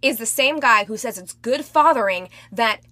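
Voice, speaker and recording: Blunt, bright-voiced woman podcast co-host. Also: a little high, animated, normal speed, no room sound. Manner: blunt, swears freely. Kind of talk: casual chat.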